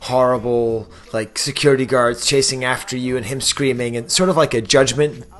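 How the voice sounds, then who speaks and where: A man's voice: medium pitch, steady tone, normal speed, fairly bright tone. A man hosting a podcast, chatting casually and trailing off with "um". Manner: conversational, trails off with fillers. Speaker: podcast host. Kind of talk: casual chat.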